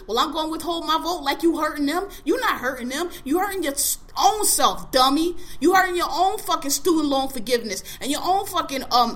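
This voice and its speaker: A woman with a high, bright voice tears into her listeners in a profane rant. She is blunt and scolding, repeats her jabs, and keeps up hard emphasis as a podcast co-host. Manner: fast-paced, emphatic, keeps repeating a phrase. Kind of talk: profane ranting monologue.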